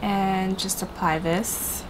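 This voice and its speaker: Sounding congested and stuffy, a woman beauty vlogger sits down to review makeup, bubbly and chatting directly to viewers. Her mid-range voice has fairly even intonation and she takes it slowly, with background noise present.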